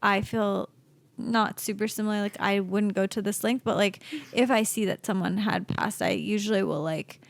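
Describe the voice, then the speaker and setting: Chatty young woman with vocal fry. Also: medium pitch, fairly even intonation, moderate pace, no room sound. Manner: chatty, lots of "like" fillers. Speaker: podcast co-host. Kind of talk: casual chat.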